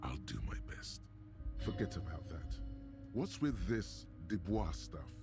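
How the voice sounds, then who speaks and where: A man's voice: low-pitched, sing-song, takes it slowly, gravelly, loud music behind the voice, heavily acted. An actor voicing a dry, wry male narrator of a detective's inner thoughts in a video game.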